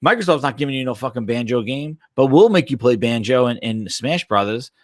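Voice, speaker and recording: A man's voice: mid-range voice, a little fast, no echo, studio quality. A man hosting a casual gaming live stream, rambling and swearing as he answers chat. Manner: animated, profane, rambling.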